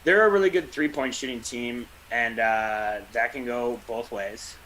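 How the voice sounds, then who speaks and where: A man talking basketball like a longtime fan, opinionated and quick to rant, with a laugh here and there. His voice is bright and forward, with a faint hiss behind it. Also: mid-range voice, rough recording. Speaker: podcast co-host. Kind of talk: casual sports chat.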